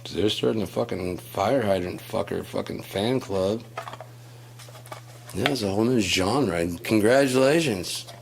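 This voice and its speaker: A man's voice: fairly low pitch, a little slow, vocal fry, background noise. A man in a casual monologue, telling stories in a rambling, profane way and acting out quotes. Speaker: host.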